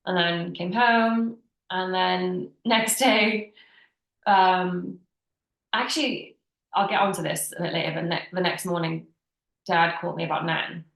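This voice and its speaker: A young woman co-hosting a podcast, talking in an easy, chatty way and slipping into quoted voices as she tells her stories. Her voice sits a little low. The room adds a noticeable echo. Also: steady tone, measured pace, vocal fry, a bit bright. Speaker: podcast co-host. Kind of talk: casual chat.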